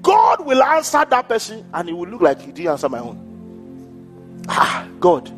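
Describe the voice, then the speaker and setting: Animated high-voiced man preaching. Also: a little slow. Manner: animated preaching, acting out quoted people, laughing between points. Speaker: pastor. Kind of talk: sermon. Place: church hall. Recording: church hall with long reverb and faint music.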